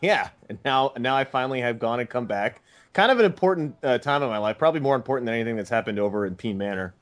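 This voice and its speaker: A young American man trading jokes on a podcast, drawn out and sarcastic, with a dry, mock-serious edge. His talk wanders in loose, rambling runs, and his pitch sits in the ordinary middle for a man. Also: expressive, quick pace. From United States. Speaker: podcast co-host. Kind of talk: casual comedic podcast banter.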